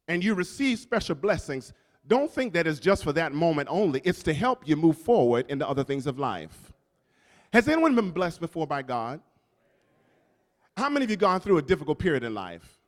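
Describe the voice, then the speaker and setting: A male pastor preaching a sermon, calling out to the congregation and repeating key lines for emphasis. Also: a little high. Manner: preaching with call-outs to the congregation. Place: church sanctuary. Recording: long reverb from a church hall.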